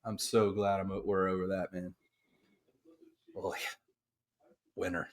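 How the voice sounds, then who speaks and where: A man's voice: low voice, level tone, a little slow. A man co-hosting a casual podcast who laughs often and swears casually. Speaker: podcast co-host.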